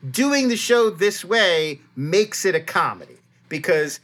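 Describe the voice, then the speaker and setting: A man co-hosting a podcast, explaining at length in an animated, rambling way full of restarts. His voice is bright and ringing, and he talks casually. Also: high voice. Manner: fast, animated, many restarts. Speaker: podcast co-host. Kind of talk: casual chat.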